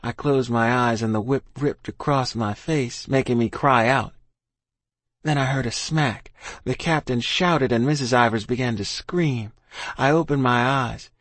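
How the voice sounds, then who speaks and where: A man narrating a story in first person, in an earnest, steady manner. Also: medium pitch, measured pace, dry recording. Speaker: audiobook narrator.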